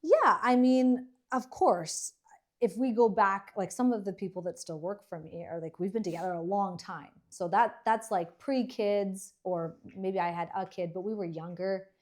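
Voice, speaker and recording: Woman from Canada, podcast co-host, dry teasing, casual chat, medium pitch. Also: normal speed. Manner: dry, teasing, laughs often.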